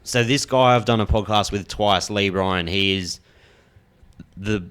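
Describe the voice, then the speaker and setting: A man's voice: lowish voice, a little slow, a bit bright, clean tone. A man hosting a podcast, retelling stories loosely and swearing often. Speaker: podcast host. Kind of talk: casual podcast chat.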